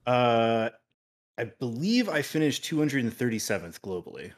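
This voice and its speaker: A man guesting on a casual gaming podcast, talking in a relaxed, rambling way with lots of fillers. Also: medium pitch, normal speed. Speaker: podcast guest and competitive tabletop player.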